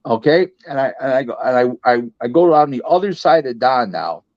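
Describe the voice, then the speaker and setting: A man who works as a boxing advisor, telling a casual anecdote in an animated way and stumbling through restarts. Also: mid-range voice, fairly quick, dry recording. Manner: animated storyteller, restarts and acts out other people's voices. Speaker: boxing advisor and interview guest. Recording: dull lo-fi, dry audio.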